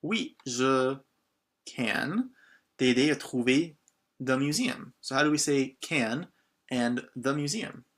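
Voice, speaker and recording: A man's voice: mid-range voice, slow, a bit bright. Patient man teaching beginner phrases. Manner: patient, encouraging, switches between English and French phrases. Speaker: language teacher. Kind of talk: scripted lesson narration.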